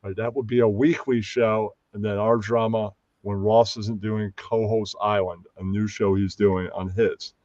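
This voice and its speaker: A man's voice: fairly low pitch, flat delivery, measured pace, few pauses, a little mellow, no echo, dull audio. A man hosting a casual live stream, rambling and often losing track of names. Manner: rambling, loses names, puts on mocking voices. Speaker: stream host.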